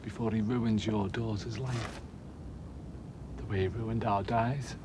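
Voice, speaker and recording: Resentful drunk barman, lowish voice, hissy old tv sound. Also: steady tone, slow pace. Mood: drunk raging. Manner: resentful, sneering, shouting at night. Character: bitter drunken middle-aged working-class barman. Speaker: bar owner.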